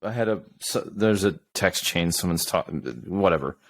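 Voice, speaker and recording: A man's voice: low-pitched, normal speed. Rambling podcast host man. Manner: rambling, self-interrupting questions. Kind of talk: casual conversation.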